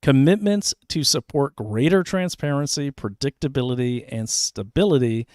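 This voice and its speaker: A man's voice: medium pitch, animated, normal speed, a little mellow, no room sound, clean studio sound. A man hosting an investigative online show, reading documents aloud on a shared screen and breaking in with sarcastic asides. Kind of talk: online commentary while screen-sharing.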